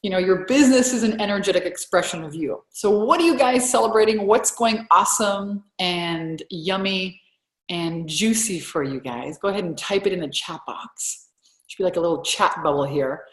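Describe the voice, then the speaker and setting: A woman business coach hosting a live group call. She sounds upbeat and effusive, and her pitch leaps when she gets excited. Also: roomy sound.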